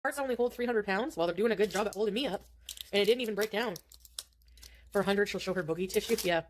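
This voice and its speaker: A woman's voice: medium pitch, quick pace. A middle-aged woman chatting on her own stream while eating, in a rambling way.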